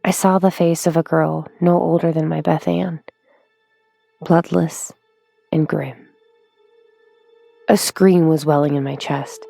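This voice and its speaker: Low, gravelly woman narrating horror. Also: fairly even intonation, no room sound, studio quality, soft background music. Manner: hushed, drawn-out delivery with whispered stretches. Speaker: audiobook narrator.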